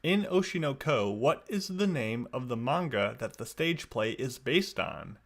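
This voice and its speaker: A man's voice: mid-range voice, animated, a little slow, fairly bright tone. Rambling man hosting a podcast. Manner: rambling, self-correcting, wry. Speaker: podcast host. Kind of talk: casual podcast chat.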